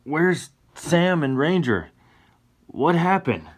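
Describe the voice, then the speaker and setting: A man's voice: lowish voice, a little slow, voice pushed up, lightly acted. A man playing a peaceable young cowboy who pleads earnestly with a raised voice. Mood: confused.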